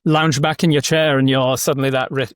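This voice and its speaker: A man's voice: medium pitch, smooth, dry recording, studio quality. A man, a guest dungeon master, talking casually and with animation about doing character voices, often restarting his phrases. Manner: animated, quick and self-correcting. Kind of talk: casual conversation.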